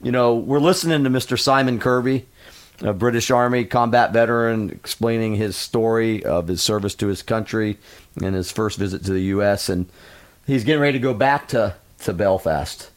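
A man's voice: lowish voice, moderate pace. A man hosting a casual interview who keeps affirming the guest with short interjections. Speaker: interview host.

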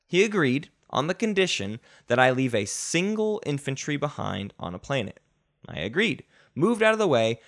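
Man, podcast host, gravelly voice, lively pitch, dramatic game recap storytelling. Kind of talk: recapping a board game session, then casual chat.

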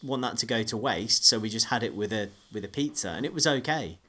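A man's voice: on the low side, expressive, brisk, pushed and bright. A man co-hosting a podcast in casual chat, rambling and often restarting his sentences. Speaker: podcast co-host.

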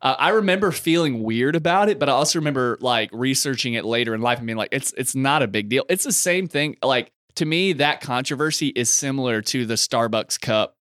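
A man co-hosting a podcast in a casual, teasing way with quick jokes. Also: mid-range voice, lively intonation, fairly bright tone. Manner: joking, teasing. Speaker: podcast co-host. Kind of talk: casual chat.

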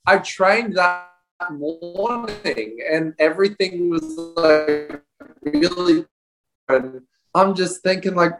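A woman's voice: on the low side, gravelly, low-quality recording. Young woman, joking co-host. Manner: quick, joking, laughs often. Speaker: podcast co-host. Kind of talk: casual chat.

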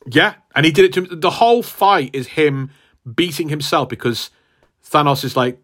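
A man's voice: mid-range voice, moderate pace. A man co-hosting a podcast who retells a comic book plot in a casual, rambling way, full of fillers and laughs. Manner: animated, rambling, laughs a lot, many fillers. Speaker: podcast co-host.

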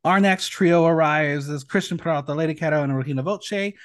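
A man hosting a casual podcast recap, telling it in a lively, playful way with dry asides. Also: on the high side, brisk, clean tone, dry recording. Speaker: podcast host.

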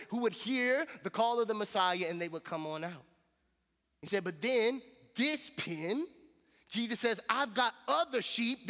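A male pastor preaching a sermon in a relaxed, conversational, storytelling way, with casual slang. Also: high-pitched, long reverb tail. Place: church sanctuary.

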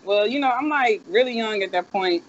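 A man with a high voice tells a long, winding story, swearing in a laid-back way. The sound is dull and lo-fi. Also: fairly quick, fairly bright tone, slight background noise. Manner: rambling, profane, laid-back. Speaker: co-host. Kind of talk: casual storytelling chat. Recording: dull lo-fi audio.

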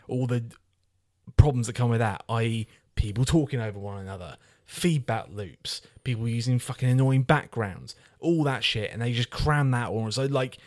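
A man reviewing a film on a casual podcast, ranting and swearing freely at a mid pitch. His delivery is blunt and exasperated, full of strong profanity. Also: no room sound, clean studio sound. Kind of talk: casual chat.

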